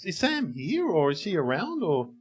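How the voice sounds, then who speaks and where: An Australian man with a high, highly animated voice, trading jokes and rambling asides while co-hosting a live podcast. He laughs often and keeps the banter loose and casual on a bar stage. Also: normal speed, breathy edge. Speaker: podcast co-host.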